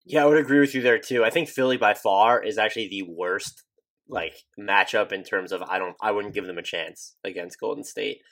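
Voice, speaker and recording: Man, lowish voice, sports podcast host, conversational, thinks out loud. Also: fairly quick. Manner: conversational, thinking aloud with restarts. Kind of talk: casual sports podcast chat.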